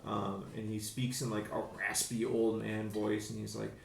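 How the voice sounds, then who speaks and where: A man narrating a tabletop game as game master, halting, with many fillers. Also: on the low side, monotone, creaky. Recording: echoey room, faint music.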